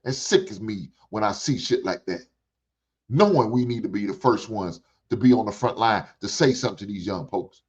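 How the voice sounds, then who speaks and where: A man's voice: fairly low pitch, lively intonation, moderate pace, slightly rough. Profane older man ranting in a preachy way. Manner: blunt and profane; preachy, repeats phrases. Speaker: reaction show host. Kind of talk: ranting commentary. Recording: dull lo-fi recording.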